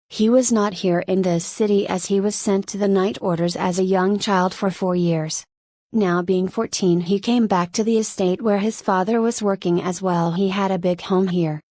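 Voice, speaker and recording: A woman reading a light novel audiobook aloud, first-person narration delivered evenly. Her voice sits at a middle pitch, and the recording is dry and close. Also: dark tone, no echo.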